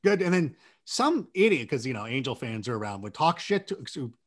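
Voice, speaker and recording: A man telling stories in casual sports talk, animated and quick to act out quoted voices. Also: medium pitch. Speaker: sports show guest.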